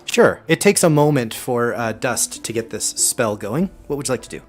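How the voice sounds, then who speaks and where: A man narrating a tabletop role-playing session as game master. His delivery is casual and halting, full of little restarts, at a medium pitch. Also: expressive, faint music behind.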